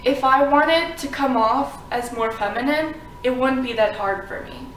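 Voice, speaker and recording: A woman's voice: high-pitched, unhurried, a bit bright, a little hiss or hum. Chatty woman vlogger in an echoey room. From Florida. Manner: chatty, filler-heavy with frequent "like" and "um". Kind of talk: casual storytelling to camera. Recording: roomy sound, mic at a distance.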